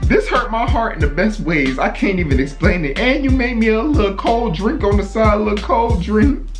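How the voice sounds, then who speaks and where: A vlogger from North Carolina, with a North Carolina accent, reacting loudly and excitedly to cooking videos, often exclaiming and breaking into song. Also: medium pitch, normal speed, over music. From North Carolina, USA. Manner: loud, exclaiming, breaks into singing and shouts.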